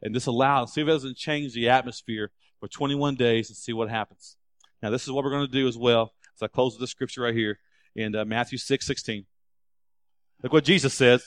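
A man preaching a sermon as a pastor, animated and climbing into loud, emphatic stretches. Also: medium pitch, fairly quick, no echo, studio quality.

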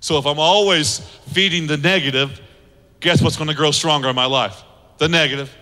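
A male pastor preaching in a high, ringing voice with a bright, forceful edge. He drives his points home through repeated, building phrases. Long reverb from a large church hall stretches out behind every line. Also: fairly even intonation, fairly quick. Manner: emphatic, repetitive preaching with rising exhortations. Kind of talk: sermon.

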